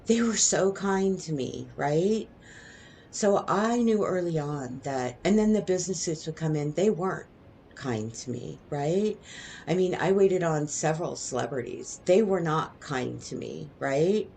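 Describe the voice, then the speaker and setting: A woman's voice: sits low, lively intonation, unhurried, creaky, warm tone, slight background noise. Rambling middle-aged woman telling stories. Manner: rambling, digressive, lots of "right?" tags. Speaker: vlogger. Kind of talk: casual storytelling monologue.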